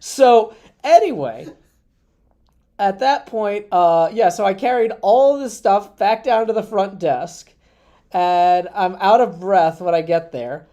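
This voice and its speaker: A man hosting a live stream in a mellow, warm tone, spinning a meandering story full of ums and asides. He chats casually from his streaming computer at a convention. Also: sits high, slow, dull audio. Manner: rambling, chatty anecdotes with many fillers. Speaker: livestream host. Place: indoors at a gaming convention. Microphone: streaming setup at a computer.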